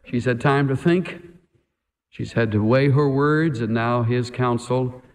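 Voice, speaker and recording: A man's voice: mid-range voice, measured pace. A man preaching a sermon in an emphatic way, pressing his point with rhetorical questions. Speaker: pastor. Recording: echoey hall reverb.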